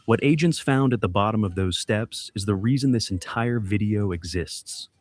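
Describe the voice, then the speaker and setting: A man giving scripted dramatic mystery narration, measured and suspenseful, delivered in short clipped phrases. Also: lowish voice.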